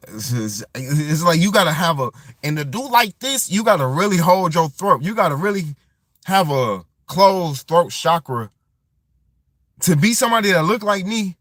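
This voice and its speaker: A man's voice: fairly high pitch, a bit bright, dry recording, studio quality. A man talking in a loose, rambling vlog monologue, circling back and restarting his thoughts as he goes. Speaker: vlogger. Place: tent.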